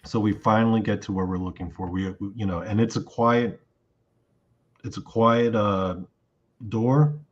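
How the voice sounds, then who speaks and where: He speaks unhurriedly in a voice on the low side, and the sound is lo-fi. As a guest in an interview, the man relates a long dream in casual talk, animated throughout and performing his own remarks from the dream.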